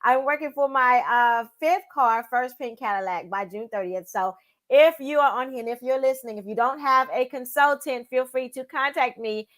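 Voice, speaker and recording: A woman's voice: high voice, normal speed, a bit bright. A woman guest on a live talk stream, speaking eagerly with many fillers and affirmations. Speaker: guest, sales director. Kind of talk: casual chat.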